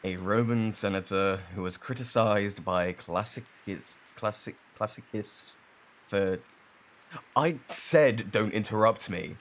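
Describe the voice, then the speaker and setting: A surly young British student bully, rude and curt on the surface but shaky underneath, as a young man acts him out. His voice sits a little low. He talks in a close ASMR role-play. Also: takes it slowly. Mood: hostile.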